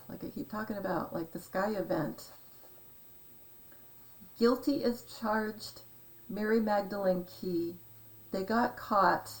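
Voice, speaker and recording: A woman's voice: medium pitch, rough recording. A woman rambling through a casual monologue as a vlogger, meandering and hesitant, often trailing off into asides. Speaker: conspiracy decoding vlogger.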